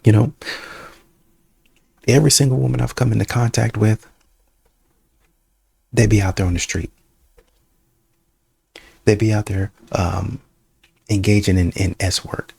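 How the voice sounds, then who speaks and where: A man's voice: fairly low pitch, steady tone, unhurried, creaky, long pauses, darkish tone, slightly rough, no echo. A man hosting a reaction video, talking in a casual, conversational way and sometimes putting on voices to quote people. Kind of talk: casual commentary.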